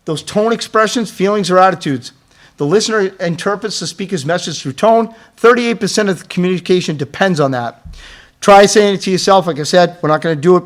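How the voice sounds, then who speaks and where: A man giving a live training talk on crisis intervention, asking the audience questions and tagging his points with "right?". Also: sits high.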